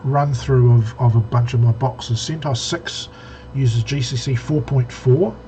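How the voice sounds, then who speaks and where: A man's voice: mid-range voice, steady tone, unhurried, mellow, slight background noise. A man co-hosting a casual tech podcast, rambling with many restarts and fillers. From New Zealand. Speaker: podcast co-host.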